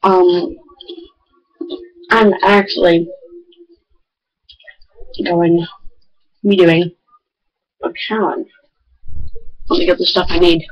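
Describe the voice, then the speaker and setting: An excitable teenage girl talks straight to her viewers in a loose, rambling vlog chat. Her voice jumps high when she gets worked up, and she strings thoughts together with lots of fillers. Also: extremely slow, pauses often, muffled recording. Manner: excitable, rambling storytelling with big pitch jumps. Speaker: vlogger.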